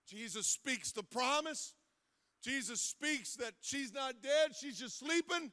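A male assistant pastor preaching an impassioned sermon, swinging from loud shouts to hushed tones with a sing-song cadence at the peaks. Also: very high-pitched, animated, slow pace. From Ohio. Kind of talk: Pentecostal-style preaching sermon. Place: church sanctuary.

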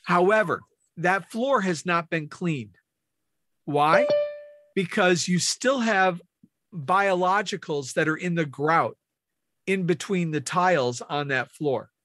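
Man, high voice, slow delivery, team training talk, questions to the room. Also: expressive, a bit bright, no room sound. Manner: explains step by step, asks questions of the room.

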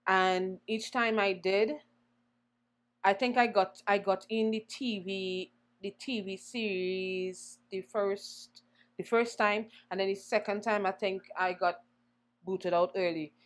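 A young woman singer, a guest in an interview, telling her story in an animated way and acting out the voices she quotes. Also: medium pitch, slow. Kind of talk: conversational storytelling.

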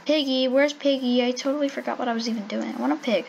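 A woman giving playful, excitable commentary while playing a survival game, calling out to animals in sing-song baby talk. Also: sits high, quick pace, vocal fry, lo-fi sound, a little hiss or hum. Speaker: gaming channel host.

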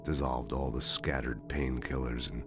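An actor playing a weary hard-boiled detective narrating a grim noir monologue in a video game. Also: male voice, extremely low pitch, steady tone, moderate pace, over music.

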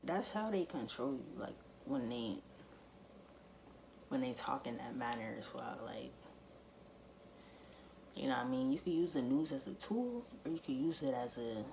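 Low-voiced woman ranting to camera. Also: animated, moderate pace, long pauses, a little mellow, slight background noise. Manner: emphatic, repeats her points, speaks straight to viewers. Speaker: vlogger. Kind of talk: casual to-camera monologue.

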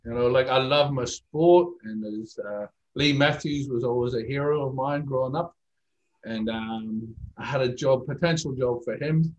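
A man's voice: mid-range voice, normal speed, poor audio. A middle-aged man with an Irish accent, telling anecdotes as a guest in a casual interview, chatty and self-deprecating. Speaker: guest, speaker agency owner.

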